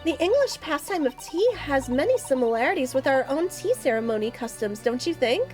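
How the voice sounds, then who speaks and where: A woman's voice: sits high, fairly quick, soft background music. Woman reading as a gracious young lady. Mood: gentle. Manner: calm read-aloud of game dialogue.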